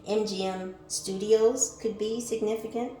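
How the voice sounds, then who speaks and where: A woman giving a spiritual card reading who swings between calm, musing questions and loud, fired-up exclaiming, reading affirmations aloud and swearing casually. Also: medium pitch, measured pace. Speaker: tarot reader. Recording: echoey room with faint music behind.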